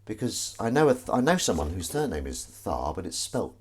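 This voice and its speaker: A man hosting a casual live stream, rambling and self-mocking with sudden shouts while he does the washing up at home. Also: deep voice, sing-song, fairly quick, slight background noise. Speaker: streamer host. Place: home kitchen, doing the washing up. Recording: clattering dishes and running water.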